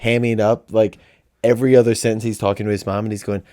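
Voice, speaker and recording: A man's voice: on the low side, little pitch movement, fast talker, warm tone, no room sound, clean studio sound. A man co-hosting a podcast in casual chat, laid-back and swearing freely. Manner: laid-back, swearing, mimics voices when retelling. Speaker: podcast co-host.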